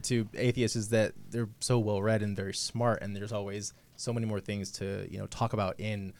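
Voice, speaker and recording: Male author guest, lively chatty storyteller, studio radio. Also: on the low side, fairly quick. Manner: chatty, animated, quotes his own thoughts. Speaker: novelist guest. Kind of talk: casual talk-show chat.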